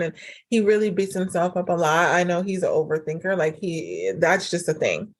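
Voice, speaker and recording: A woman talks through a casual solo podcast episode, giving relationship advice in a chatty, animated way. Her voice sits a little low for a woman, and she fills her sentences with "like" and "um.". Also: moderate pace. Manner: chatty and animated, acts out quoted dialogue; frequent fillers like "like" and "um". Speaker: podcast host and relationship coach.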